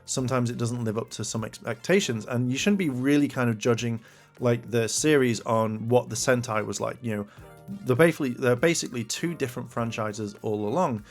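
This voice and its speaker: A man talks his way through his opinions in a loose, rambling style, leaning on fillers like "like" and "you know." His voice sits at a middling pitch, with faint music playing beneath it. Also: fairly quick. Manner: rambling, many fillers, rises in pitch when exasperated. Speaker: commentary channel host. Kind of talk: casual opinion commentary.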